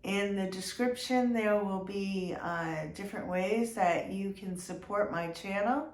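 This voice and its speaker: A woman giving a heartfelt personal update to her viewers, congested from a cold, talking slowly with many ums and restarts. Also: mid-range voice. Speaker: vlogger. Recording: echoey room with faint noise.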